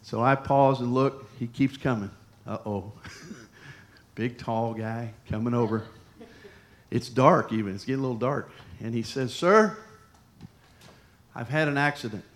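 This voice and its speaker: A man preaching a sermon, telling a personal story in a conversational way with sudden loud emphasis. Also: medium pitch, fairly even intonation, moderate pace.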